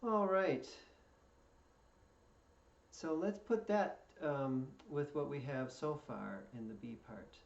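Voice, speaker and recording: A male fiddle instructor whose voice sits on the high side, with vocal fry, gives a patient, step-by-step lesson and slowly counts in before every play-through. Fiddle music plays in the background, captured by a distant mic in an echoey room with dull sound.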